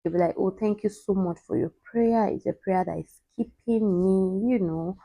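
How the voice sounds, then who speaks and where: A young woman vlogger telling a personal story in a halting voice, holding back tears. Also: mid-range voice, gravelly, warm tone, dry recording.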